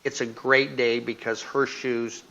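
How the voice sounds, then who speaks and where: Guy doing a marriage seminar, storytelling, acts out the couple's lines, bright punchy voice, kinda muffled lo-fi recording. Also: medium pitch, measured pace, vocal fry. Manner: animated, acts out husband and wife dialogue. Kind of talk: humorous storytelling talk. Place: church hall.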